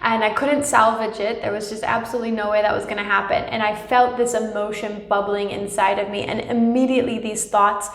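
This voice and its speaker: Gentle woman with a roomy echo. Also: on the high side, fairly even intonation, normal speed. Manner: gentle and reassuring, often adds "right?". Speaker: spiritual channel host. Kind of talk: personal spiritual talk to viewers.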